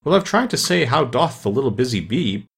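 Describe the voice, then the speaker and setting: A man's voice: mid-range voice, very animated, fairly quick, gravelly, slightly rough, heavily acted. A man voicing a polite, earnest, curious little girl in a storybook reading.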